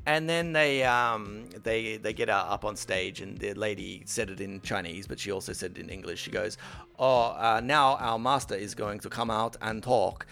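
A young adult man chatting casually, telling animated, profane stories and laughing through them. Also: lowish voice, normal speed, vocal fry. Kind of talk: casual storytelling chat.

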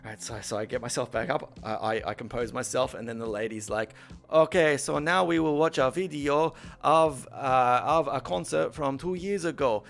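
A young adult man chatting casually, telling animated, profane stories and laughing through them. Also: medium pitch, normal speed, gravelly. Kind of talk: casual storytelling chat.

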